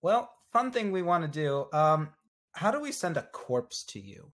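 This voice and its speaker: A man's voice: on the high side, sing-song, a little slow, fairly bright tone. A man playing in a tabletop game, speaking casually and matter-of-factly in character and out. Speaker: player. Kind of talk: tabletop role-play chat.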